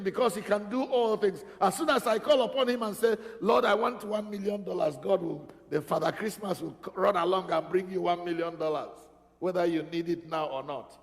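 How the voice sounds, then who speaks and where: A male pastor preaches in a high, gravelly voice that swoops widely from phrase to phrase. He leans on repetition to drive each point home. His words ring out with the long reverb of a church hall. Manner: emphatic, repeats phrases for stress. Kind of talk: sermon. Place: church sanctuary.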